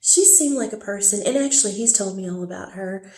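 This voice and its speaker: A woman's voice: mid-range voice, fairly quick, mellow. Rambling woman telling a story, echoey room. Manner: rambling, many fillers and asides. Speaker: storyteller recounting a relationship. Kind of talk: casual personal storytelling.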